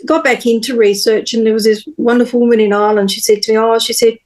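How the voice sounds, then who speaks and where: A woman's voice: fairly high pitch, steady tone, darkish tone, low-quality recording. Earnest woman telling her story. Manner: earnest, halting, many pauses and restarts. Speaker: podcast guest. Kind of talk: personal storytelling in an interview.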